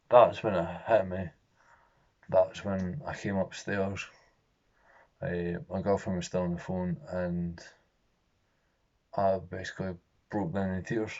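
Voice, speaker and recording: A young man vlogging, telling a personal story in a halting, profane, emotionally raw way. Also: deep voice, gravelly, a little mellow. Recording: dull lo-fi recording.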